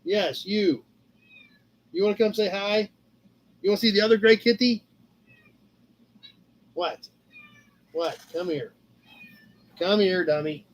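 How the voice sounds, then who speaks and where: A gentle, cooing voice coaxes a pet cat with baby talk and little meows, as a man puts it on. It sits high and stays quiet and tender. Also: a little slow, long pauses. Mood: coaxing. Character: cutesy voice talking to a pet cat.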